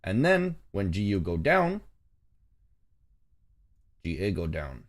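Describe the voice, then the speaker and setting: A man's voice: sits low, huge pitch swings, slow pace. A man hosting a trading livestream, chatting loosely and joking, with simple chopped phrases. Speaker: livestream host and forex trader. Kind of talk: casual livestream chat.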